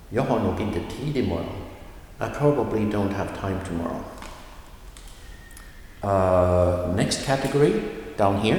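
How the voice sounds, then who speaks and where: Slow-talking male teacher in echoey room. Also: on the low side, a little mellow. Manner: slow, halting explanations with many fillers, repeating example phrases. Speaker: language teacher. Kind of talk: recorded language lesson. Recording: echoey room with long reverb.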